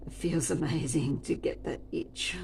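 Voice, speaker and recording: A woman with a gravelly, creaky edge to her voice, chatting casually and wryly as she rambles through a story. Her pitch sits in a middle range, and faint ambient noise hums behind her. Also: measured pace, a little mellow. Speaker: restaurant server.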